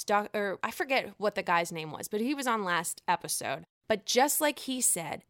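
A woman's voice: a little high, bright, forceful tone, clean tone, no echo, studio quality. A young woman hosting a podcast and recapping a reality show in a heated, profane, emphatic way. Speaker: podcast host.

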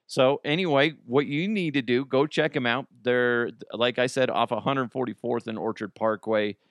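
A man in his thirties, hosting a radio show in casual chat, telling stories with animated put-on quotes and reading an ad. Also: medium pitch, moderate pace, dry recording, studio quality. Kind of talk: casual chat and live-read ad.

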